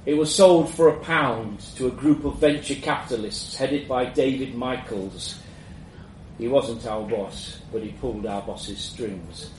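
A man's voice: mid-range voice, a little slow. Man reading a story in an echoey room. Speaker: narrator. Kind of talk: first-person story reading. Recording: roomy echo, mic at a distance, faint background hum.

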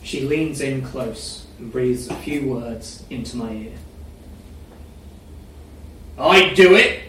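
A man giving a dry, deadpan live reading of a first-person story. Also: mid-range voice, measured pace. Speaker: story reader. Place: reading event in a room. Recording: echoey room, mic far off, faint noise.

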